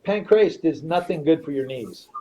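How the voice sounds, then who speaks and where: On a podcast, a middle-aged male guest with a slightly high voice tells a story at normal speed, swearing casually and animatedly quoting the people involved. The audio is a bit dull, with faint background noise.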